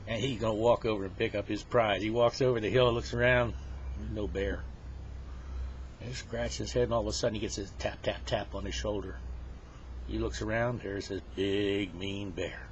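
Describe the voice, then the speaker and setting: A man telling a long joke in a folksy, casual way, with drawn-out pauses. The recording is dull and lo-fi. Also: lowish voice, steady tone, a little hiss or hum. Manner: folksy drawn-out storytelling with dramatic sound effects. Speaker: joke teller. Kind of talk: casual storytelling.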